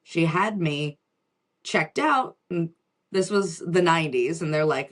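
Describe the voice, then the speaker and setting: Low-voiced woman telling a personal story. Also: unhurried. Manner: chatty, with frequent restarts and asides. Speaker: spiritual reader and host.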